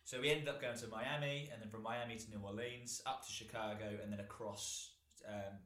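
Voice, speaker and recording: A man's voice: fairly low pitch, fairly even intonation, fairly quick, a bit bright. Roomy-sounding British young man telling stories. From Britain. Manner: rambling storyteller, laughs often. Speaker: podcast co-host. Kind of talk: casual chat, anecdote telling. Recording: roomy echo.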